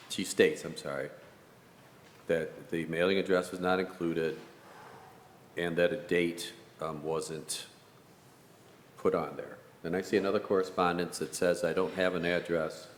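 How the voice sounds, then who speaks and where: A council member weighing a request aloud, hesitant and wry, thinking as he talks. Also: sits low. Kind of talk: council meeting deliberation. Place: council meeting chamber. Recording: echoey chamber with faint hiss.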